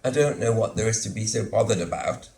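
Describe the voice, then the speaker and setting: A male actor voicing a blunt, nosy woman who speaks loudly and curtly. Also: on the low side, fairly quick, vocal fry. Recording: roomy theatre sound.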